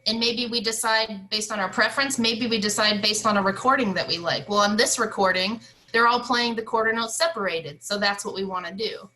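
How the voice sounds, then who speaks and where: A woman's voice: mid-range voice, a little fast, pushed and bright, rough recording. A woman teaching an online music lesson, explaining rhythms and singing scat syllables to show them.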